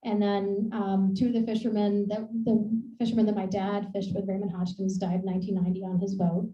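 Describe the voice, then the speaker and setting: A woman's voice: medium pitch, flat delivery, brisk, mellow. A woman from Maine giving a casual, rambling talk about her research to an audience. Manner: chatty, rambling, laughs at herself. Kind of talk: casual presentation with slides. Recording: echoey room, dull lo-fi sound.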